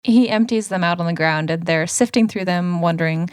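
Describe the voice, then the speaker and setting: This woman speaks briskly in a lowish, clear, resonant tone while co-hosting a podcast. She recaps a cartoon episode in casual talk, animatedly acting out what the characters say, on a studio-quality track free of room sound.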